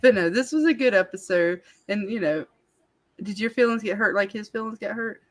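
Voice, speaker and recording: A woman's voice: medium pitch, fairly quick. A woman hosting a casual live-stream chat, rambling and laughing with lots of fillers. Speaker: channel host.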